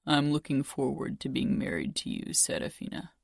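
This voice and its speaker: A woman voicing a charming, polite young man in an audiobook, speaking softly and courteously. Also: very deep voice, very animated, moderate pace, creaky, breathy edge, no room sound, studio quality, exaggerated voice. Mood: tender.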